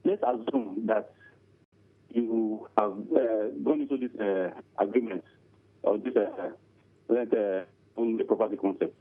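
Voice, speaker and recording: A man calling in to a talk show, speaking hesitantly with many pauses. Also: lowish voice. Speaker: phone-in caller. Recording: tinny phone line.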